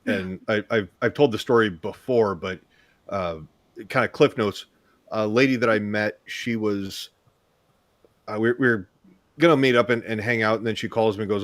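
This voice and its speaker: A man hosting an interview, a lively and chatty storyteller in casual conversation. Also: on the low side, moderate pace, no echo. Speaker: podcast host.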